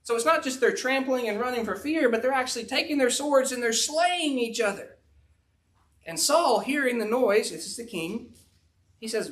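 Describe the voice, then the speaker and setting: A man's voice: very high-pitched, expressive, normal speed, fairly bright tone. A man, preaching a sermon in a folksy, storytelling way, full of "um" and "you know". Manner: folksy storytelling with frequent fillers. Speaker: pastor. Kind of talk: sermon, retelling a Bible story.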